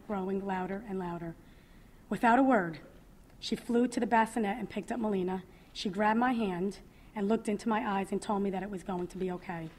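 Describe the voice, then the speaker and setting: A woman in her thirties reads her own testimony aloud as a mother at a public event, speaking earnestly and with feeling, often pausing. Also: medium pitch, darkish tone. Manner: emotional, earnest, with pauses. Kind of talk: reading a personal testimony aloud.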